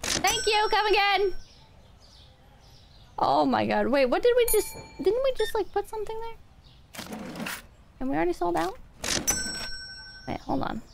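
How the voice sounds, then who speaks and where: Woman streamer, high animated voice, unhurried, foul-mouthed and self-mocking, faint hiss behind. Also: creaky. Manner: chaotic, swearing, self-mocking, talking to chat while playing. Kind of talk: casual gaming stream chat.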